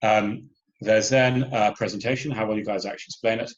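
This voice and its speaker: A man's voice: fairly low pitch, steady tone, a little fast, lo-fi sound. A man organizing a hackathon, explaining the submission and judging rules in a loose online workshop briefing, full of fillers and restarts.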